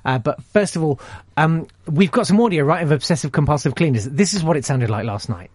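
Lively, jokey male radio host. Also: fairly high pitch, brisk. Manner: rambling, jokey, self-mocking. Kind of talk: casual radio chat. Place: radio studio. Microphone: studio microphone.

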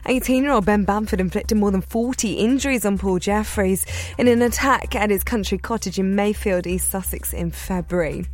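A woman's voice: medium pitch, normal speed, a little mellow, no echo. A woman reading a radio news bulletin, then bantering and laughing with her co-host. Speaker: newsreader.

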